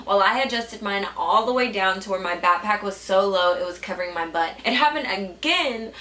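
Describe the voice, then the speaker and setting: A woman's voice: medium pitch, expressive, normal speed, sharp tone, far from the mic. A young woman vlogger telling stories casually to the camera. She swears a lot and fills her speech with "like.". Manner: chatty, swears a lot, says "like" often. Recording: echoey room, a bit off-mic.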